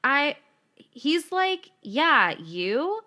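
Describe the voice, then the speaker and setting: A woman co-hosting a casual podcast, reading her old teenage notes aloud with animated delivery and frequent laughter. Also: fairly high pitch, unhurried. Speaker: podcast co-host.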